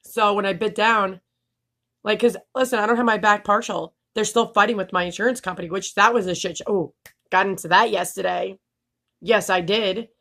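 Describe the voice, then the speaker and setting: A woman's voice: medium pitch, fairly even intonation, moderate pace, a bit bright. Young woman vlogger, slight lisp, blunt and laughing, cusses casually. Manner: candid, laughing, swears freely. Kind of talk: casual vlog talk.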